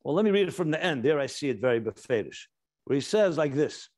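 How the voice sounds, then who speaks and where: A man's voice: on the high side, sing-song, fast, a little mellow. A man, a rabbi, teaching a Torah class, explaining points step by step and stressing key words, mixing in Hebrew and Yiddish terms. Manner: reads quoted passages aloud. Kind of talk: Torah lecture.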